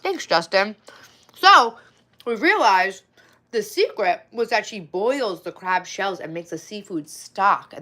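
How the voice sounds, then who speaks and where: A woman's voice: medium pitch, sharp tone. A woman in her forties hosting a casual livestream, chatty and playful, swearing freely and thanking viewers by name. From Long Island, New York. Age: 40s. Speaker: livestream host.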